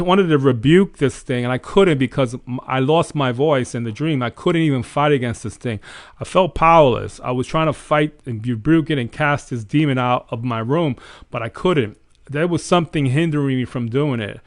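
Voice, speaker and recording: This male host of a faith show speaks at medium pitch in clean, studio-quality sound with no echo. He tells about a dream earnestly and casually, retelling it with animation as a kind of testimony.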